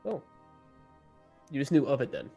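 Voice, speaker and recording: A man's voice: mid-range voice, expressive, moderate pace, dark tone, breathy edge, faint music behind. A man playing a tabletop game, giving short, dry replies. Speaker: player. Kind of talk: casual tabletop play.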